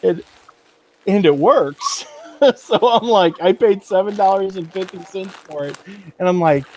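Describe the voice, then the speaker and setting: A man's voice: high-pitched, a little slow, darkish tone, slight background noise. A man who resells online, chatting in a folksy, casual way and laughing as he talks. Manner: folksy, laughs while talking. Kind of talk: casual group chat.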